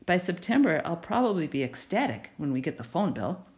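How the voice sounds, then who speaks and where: A woman's voice: fairly low pitch, brisk. A woman voicing a weary, responsible eleven-year-old boy with an understated manner. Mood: wry. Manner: flat, shrugging, understated.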